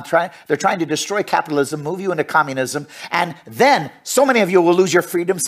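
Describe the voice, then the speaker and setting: A male preacher giving a radio sermon and reading scripture aloud, swinging from hushed asides to loud, fervent preaching. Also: high-pitched, expressive, fairly quick, few pauses.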